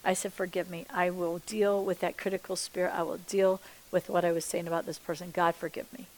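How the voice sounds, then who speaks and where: Woman telling an animated faith testimony. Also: fairly low pitch, a little fast, low-quality recording. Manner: animated storytelling that acts out the dialogue; chatty, checks in with the listeners. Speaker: Christian speaker. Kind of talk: sermon-style personal testimony.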